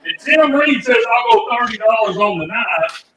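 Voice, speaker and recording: A man hosting a live radio auction, calling out bids loudly and joking with callers. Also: extremely high pitch, moderate pace, reverberant, crowd noise, rough recording. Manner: energetic, loud, joking.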